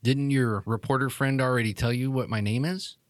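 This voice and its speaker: A man's voice: mid-range voice, fairly even intonation, brisk, no echo, clean studio sound, close to an everyday voice. A man voicing a woman who is the long-lost sister, glib and bitter, talking casually and swearing. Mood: offhand.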